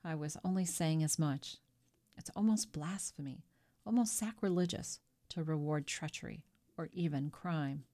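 A woman's voice: low voice, normal speed, mellow. Woman reading as a greedy wavering innkeeper. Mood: wary. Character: greedy anxious male innkeeper, middle-aged.

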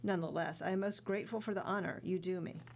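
A woman's voice: lowish voice, steady tone, quick pace, darkish tone, a little hiss or hum, close to an everyday voice. A woman reading the part of an earnest young male sailor in an audiobook, respectful and sincere.

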